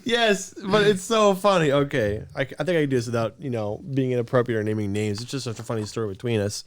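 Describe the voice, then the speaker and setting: A man's voice: mid-range voice, dry recording. A man co-hosting a podcast in casual chat, telling stories and laughing often. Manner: laughs often, quick storytelling. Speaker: podcast co-host.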